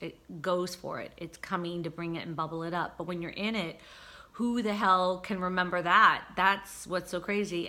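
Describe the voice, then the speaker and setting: A woman vlogger talking casually about spiritual healing, earnest and searching, with frequent pauses and fillers. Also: lowish voice, pushed and bright.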